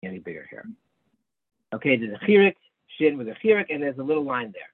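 A man teaching a small class over a video call, his voice thin and phone-like with no room sound around it. He explains step by step at a middling pitch, often breaking off and restarting mid-sentence. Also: big pitch swings, fast talker, husky, no echo. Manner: patient explaining, many restarts, addresses students by name. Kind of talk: online study class, explaining Hebrew texts. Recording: narrow phone-like sound, dry.

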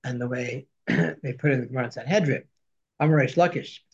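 A man's voice: medium pitch, fast talker, breathy edge, muffled recording. A man teaching a class, reading Hebrew and Aramaic quotes aloud and translating each line as he goes. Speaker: Torah teacher. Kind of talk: text study lesson.

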